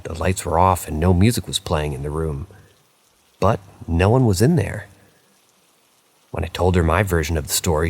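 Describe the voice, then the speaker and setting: Deep-voiced guy reading scary stories, chill conversational delivery. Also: slightly rough. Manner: casual, conversational reading with asides. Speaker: narrator. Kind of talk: reading horror stories aloud.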